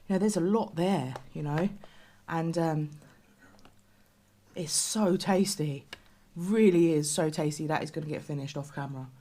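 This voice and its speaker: A British woman casually reviewing rations on her channel, chatty and exclaiming over the food, sometimes dropping to a near-whisper. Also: low-pitched.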